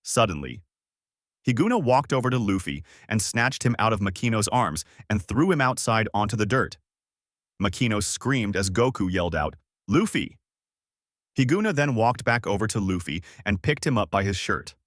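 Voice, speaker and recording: A man's voice: lowish voice, moderate pace, dry recording. A man narrating a fan-made story for his channel in a casual storytelling voice, close to the mic. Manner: lively storytelling.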